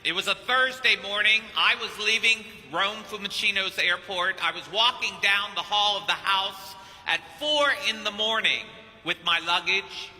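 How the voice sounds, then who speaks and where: A priest from Kentucky preaching a sermon, telling a story in an animated way and acting out the dialogue. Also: male voice, high-pitched, normal speed, hardly any pauses, big-room sound. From Kentucky, United States. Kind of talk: anecdotal sermon.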